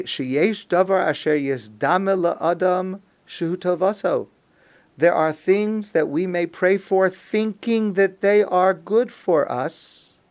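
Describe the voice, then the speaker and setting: A man speaking as a rabbi in a recorded talk, earnest, reading Hebrew phrases slowly and translating them, rising to an intense pleading tone at times. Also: on the high side, darkish tone. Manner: earnest, rises to an intense pleading tone when quoting prayer.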